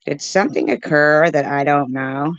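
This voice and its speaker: A woman's voice: low-pitched, moderate pace, no room sound, highs cut off. A woman hosting a casual livestream, reading the live chat aloud, confused and pleading with her chatters, often laughing. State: dry mouth.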